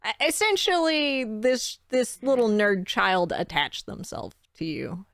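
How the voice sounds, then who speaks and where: Woman game master on a stream, gravelly voice, dry close mic. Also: a little high, animated, a little slow, a bit bright, dry recording. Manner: chatty, loose improvised narration. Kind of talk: narrating a tabletop game on stream.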